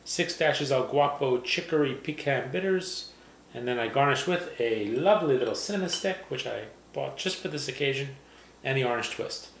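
A man's voice: mid-range voice, moderate pace, vocal fry. A man co-hosting a cocktail tasting show, joking and chatting casually over drinks. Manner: joking, relaxed banter. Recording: roomy with faint background noise.

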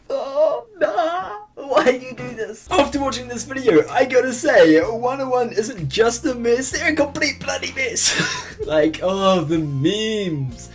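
A young man giving casual reaction commentary, excitable and quick to laugh and exclaim. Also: very high voice. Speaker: YouTube reactor. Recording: music playing underneath.

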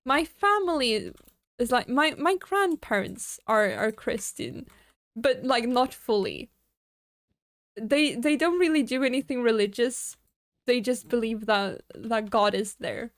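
High-voiced, unhurried woman streamer. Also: expressive, no echo, clean studio sound. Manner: chatty and giggly, laughs often; rambling, reads out and answers chat. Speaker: streamer playing with viewers. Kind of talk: casual live-stream chat.

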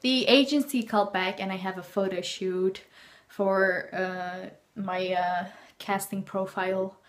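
A young Dutch woman with a Dutch accent chats casually in a home vlog, filming herself in her bedroom on a handheld camera. Her medium-pitched voice is steady and measured as she rambles along with plenty of fillers and laughs.

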